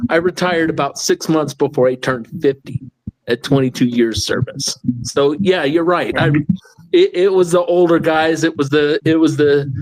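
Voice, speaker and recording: A man in his sixties spins lively service stories as a podcast co-host. His voice sits a bit high for a man, and he laughs often and trips over his restarts. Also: poor audio. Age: 60s. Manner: animated anecdotes, laughs often, stammers on restarts. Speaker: podcast co-host, retired Marine. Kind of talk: casual storytelling.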